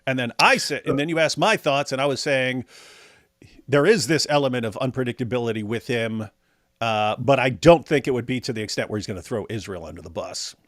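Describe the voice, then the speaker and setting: A man hosts a loose, casual chat, full of sarcasm and jokes. His voice sits at a mid pitch. The sound is dry and close to the mic. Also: a little fast, a bit bright, no echo. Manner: sarcastic, joking. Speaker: host.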